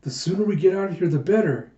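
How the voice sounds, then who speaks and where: A man's voice: high-pitched, quick pace, dark tone, pitched above the performer's own voice, natural voice. A man voicing a determined young princess, speaking earnestly in a slightly dull, roomy home recording. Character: determined young princess, gentle but brave.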